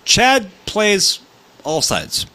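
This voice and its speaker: A man's voice: sits high, wildly swooping pitch, very slow, pushed and bright, clear, resonant tone. A man co-hosting a live comedy podcast, bantering casually, laughing often and swearing freely. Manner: swearing, laughing, playful put-on voices. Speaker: podcast co-host.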